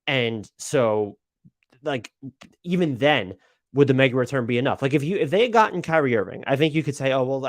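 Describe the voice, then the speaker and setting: A man's voice: medium pitch, no echo, clean studio sound. A man hosting a live basketball talk stream, casual and rambling, swearing and stammering with lots of fillers. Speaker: NBA podcast host.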